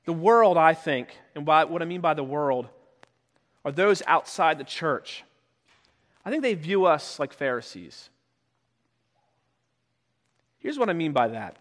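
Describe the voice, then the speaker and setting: A male pastor with a high voice preaches to his congregation, his words ringing with the long reverb of a church sanctuary. He keeps it conversational, then breaks into loud shouted voices when acting out stories. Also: sing-song, measured pace, long pauses. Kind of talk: sermon.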